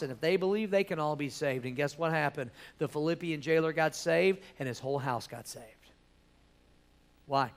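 A middle-aged man preaching a sermon as pastor, swinging from hushed storytelling to loud, animated exhortation. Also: mid-range voice.

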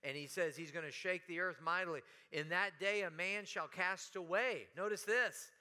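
Bright-voiced preacher man, animated. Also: high-pitched, moderate pace. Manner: animated preaching with sudden shouts and dramatic quoted lines. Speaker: pastor. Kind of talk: sermon. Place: church sanctuary.

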